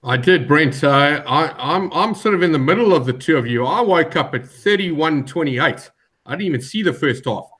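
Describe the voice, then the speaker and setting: A male panelist on a sports betting show, with a voice pitched a bit high. He tells his stories in an animated way and stumbles over repeated words. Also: normal speed, breathy edge. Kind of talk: casual betting chat.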